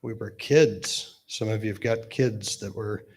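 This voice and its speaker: A man in his fifties giving a eulogy at a memorial gathering with gentle humor, pausing often with fillers. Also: fairly low pitch, slightly rough. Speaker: eulogy speaker, best man.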